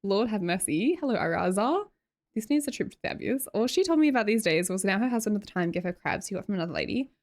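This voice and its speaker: A woman's voice: mid-range voice, lively intonation, fast talker, a little mellow. A young Australian woman from Sydney streaming casual chat, chatty, laughing often and trailing off mid-sentence. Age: young adult. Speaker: live streamer.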